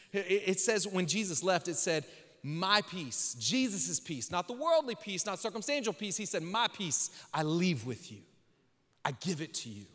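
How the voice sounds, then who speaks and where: A male pastor with a bright, ringing voice delivers a conversational sermon, tossing in slang and jokes before pressing his points with rising intensity. His words trail off into the long reverb of a large church hall, and his pitch sits noticeably high for a man. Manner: joking, slangy, builds to emphatic preaching. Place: church sanctuary.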